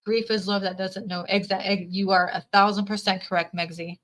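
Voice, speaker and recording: Woman, live tarot reader, bright crisp tone, repeats phrases, talks back to viewer comments. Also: medium pitch, level tone, brisk. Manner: warm, emotional, repeats phrases, reads viewer comments aloud. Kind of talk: live-stream tarot reading chat.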